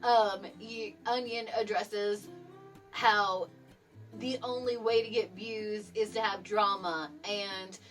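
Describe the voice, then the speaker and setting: A woman's voice: mid-range voice, fairly even intonation, takes it slowly. Woman commentary vlogger, fed-up ranting delivery, filler-heavy, mid-range voice, slightly distant mic, faint music underneath. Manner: exasperated, filler-heavy with frequent "like" and swearing. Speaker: commentary YouTuber. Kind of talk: casual commentary rant.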